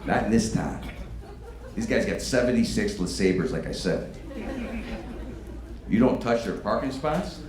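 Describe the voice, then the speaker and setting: A man delivering a stand-up set in a brash, profane manner, his pitch swinging widely as he talks. His voice rings through an echoey room over loud background noise. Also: a little slow, long pauses. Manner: brash and profane, with animated bursts. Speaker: stand-up comedian. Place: comedy stage before a live audience.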